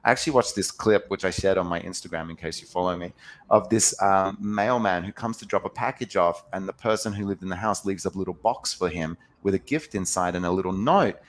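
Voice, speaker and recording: A man speaks in a low, relaxed register on a video call. He is chatty and anecdotal, and he acts out quick impressions of the people in his stories. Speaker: podcast co-host. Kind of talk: casual chat.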